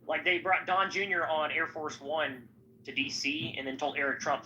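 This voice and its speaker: A man with a somewhat high, sharp-toned voice talks politics at a moderate pace in a casual podcast chat, rambling and profane. The audio is slightly dull with faint background noise.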